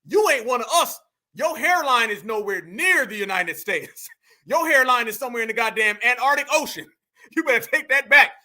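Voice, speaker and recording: A man giving brash, slangy, mocking reaction commentary, taunting and sometimes bursting into shouts. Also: very high voice, expressive, normal speed.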